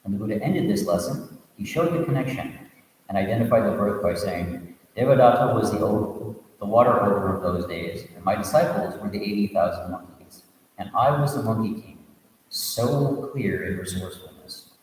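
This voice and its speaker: A man with a low, expressive voice reads a Buddhist tale as a storytelling sermon at a moderate pace, pausing for asides and restarting lines. A distant mic places him in a room with long, echoing reverb.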